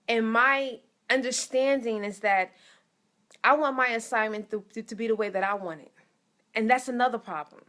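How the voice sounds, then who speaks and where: Young woman, motivational speaker, earnest testimony, slightly high voice, restarts and repeats. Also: a bit bright. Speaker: motivational speaker and life coach. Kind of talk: personal faith testimony.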